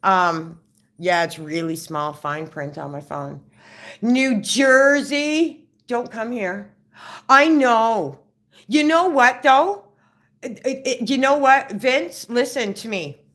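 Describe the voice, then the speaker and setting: A woman's voice: a little high, takes it slowly, a bit bright. A woman chatting casually on a live stream, reading viewer comments off her phone, rambling and stammering through restarts.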